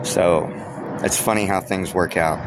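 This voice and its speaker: Blunt, rambling middle-aged man with a low voice, casual vlog storytelling over background music. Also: steady tone, a little slow. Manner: rambling, profane, blunt, with filler words. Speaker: vlogger. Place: waiting at a work site.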